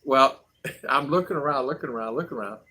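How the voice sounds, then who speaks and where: A man's voice: mid-range voice, fairly quick, sharp tone, slightly rough. A middle-aged American man hosting a casual livestream, reading chat and telling stories with laughs and acted-out quotes. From United States. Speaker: vlog host reading live chat.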